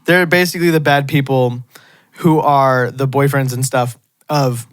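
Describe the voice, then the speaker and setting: A man co-hosting a movie review podcast, retelling scenes in a casual, animated way with frequent laughter. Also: medium pitch, unhurried, no room sound, clean studio sound.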